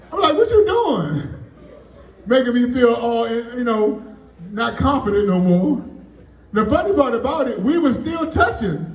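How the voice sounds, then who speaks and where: A comedian with a high voice works the room in a loose, chatty stand-up style. His voice bounces around an echoey room and sounds like it was picked up from well back. He keeps tagging his punchlines with a casual "man.". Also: a little mellow. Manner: loose, conversational punchlines, frequent "man" tags. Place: birthday party venue. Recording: echoey room, mic from far off.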